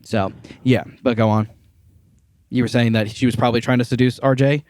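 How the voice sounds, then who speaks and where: A young man co-hosting a podcast, talking in a relaxed, playful way and laughing often. His voice sits at an ordinary middle pitch. It is recorded close and dry, with no room sound. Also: a little fast, dry recording. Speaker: podcast co-host. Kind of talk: casual chat.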